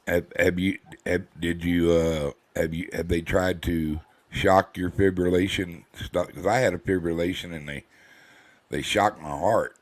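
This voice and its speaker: Deep-voiced older man telling folksy stories. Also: steady tone, unhurried. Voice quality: cantankerous, drawling. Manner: rambling storyteller, folksy, acts out quoted voices. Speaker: host. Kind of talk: casual chat.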